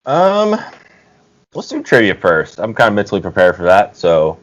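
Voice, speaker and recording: A man guesting on a casual podcast, joking around in a lively way. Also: on the low side, normal speed. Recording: loud background noise.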